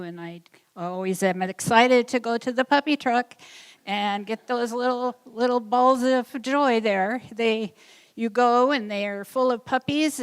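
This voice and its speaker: A woman's voice: fairly high pitch, clean tone. A woman who raised a guide dog puppy, telling amused anecdotes about it at a graduation. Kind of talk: storytelling speech. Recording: reverberant hall.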